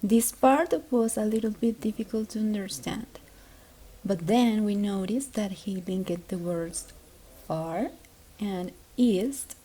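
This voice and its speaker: A woman with Spanish as her first language explains her group's project to a class. Her voice is husky and mellow, and she speaks slowly and plainly. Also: mid-range voice. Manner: slow, explanatory. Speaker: student presenter. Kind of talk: class presentation.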